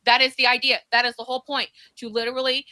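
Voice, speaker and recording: Bright-voiced woman podcast co-host. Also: a little high, fast talker, no room sound, poor audio. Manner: animated, profane, many restarts. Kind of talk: casual political chat.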